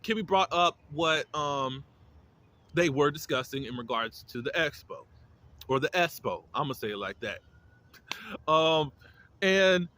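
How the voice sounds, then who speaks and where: A man's voice: a little high, animated, a little slow, pauses often, bright, forceful tone. A man giving a casual, opinionated recap of a TV episode, with lots of fillers and restarts. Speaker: reality TV reviewer.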